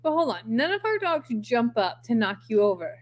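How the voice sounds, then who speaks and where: A woman's voice: a little high, sing-song, normal speed. A woman co-hosting a casual live-stream chat, teasing and playful. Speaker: co-host.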